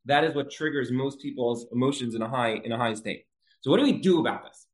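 A man's voice: mid-range voice, quick pace. Conversational man giving a Torah lecture. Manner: conversational, repeats key phrases for emphasis. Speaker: Torah teacher. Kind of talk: religious lecture with storytelling.

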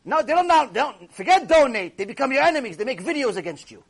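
A man giving a sermon lecture as a rabbi, animated and storytelling, with Hebrew terms mixed in. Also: extremely high pitch, fast talker, husky.

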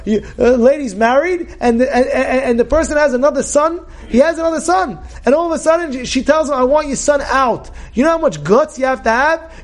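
In a fairly high voice, a man leads a Torah lesson as a rabbi, driving his points home with emphasis, plenty of rhetorical questions and sudden loud outbursts.

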